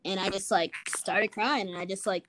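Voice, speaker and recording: A woman's voice: medium pitch, fairly even intonation, normal speed, background noise. A young woman in casual chat, telling a personal story frankly, with plenty of swearing and filler words. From Minnesota.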